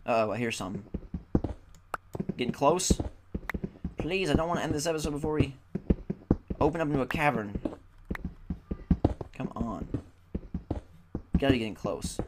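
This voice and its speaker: A man's voice: mid-range voice, animated, normal speed, long pauses. A tired young man giving casual, chatty gaming commentary and grumbling at the game. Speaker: gaming YouTuber. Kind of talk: casual Let's Play commentary. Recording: loud background noise.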